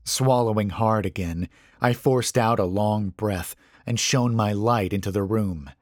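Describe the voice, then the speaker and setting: A man with a fairly low voice reads a first-person horror story in a measured, suspenseful way. The recording is dry and close, with no room sound. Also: no echo. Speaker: story narrator. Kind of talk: scripted horror narration.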